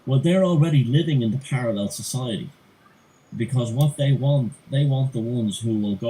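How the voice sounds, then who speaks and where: A man's voice: mid-range voice, moderate pace, dark tone, low-quality recording. A man hosting a live stream, chatting in a rambling way, swearing and acting out quoted people. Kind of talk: rambling casual chat.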